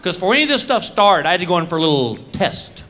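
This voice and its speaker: A man's voice: high-pitched, sing-song, fast, bright, forceful tone. A man doing a stand-up comedy routine on a club stage, telling a story with punchlines and brief acted quotes. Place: comedy club stage with live audience laughing. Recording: live club recording with audience noise.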